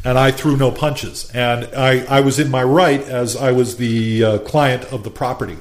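A man telling a story in casual chat, animated, acting out quotes and laughing often. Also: medium pitch, moderate pace.

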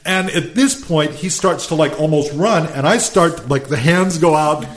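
A man telling a story in casual chat, animated, acting out quotes and laughing often. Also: fairly high pitch, moderate pace.

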